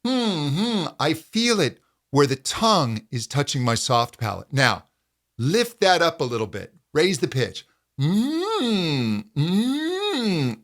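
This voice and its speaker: Man, vocal coach, voice lesson, calm demonstrating manner, fairly high voice, slow delivery. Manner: calm, demonstrating hums and pitch slides.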